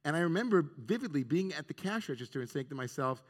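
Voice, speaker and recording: Earnest rabbi preaching in a reverberant hall. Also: male voice, on the high side, lively intonation, quick pace, few pauses. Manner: reflective, earnest, weaves in Hebrew terms. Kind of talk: sermon on the weekly Torah portion. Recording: long reverb of a large hall.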